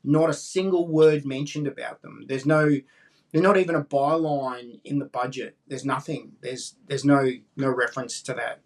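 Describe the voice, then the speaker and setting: A man's voice: medium pitch, steady tone, moderate pace, recorded from a distance. An Australian man hosting a casual interview, talking in a conversational, indignant way. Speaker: podcast host.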